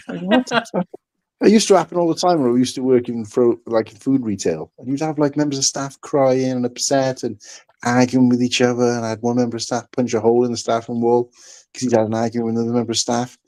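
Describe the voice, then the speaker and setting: A man from the United Kingdom co-hosting a casual livestream chat, telling animated stories and swearing freely. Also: mid-range voice.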